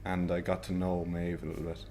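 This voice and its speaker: Deep flat-voiced Cork man. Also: fairly quick, noisy background. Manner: hesitant, lots of ums. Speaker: interviewee, comedian. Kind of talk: interview.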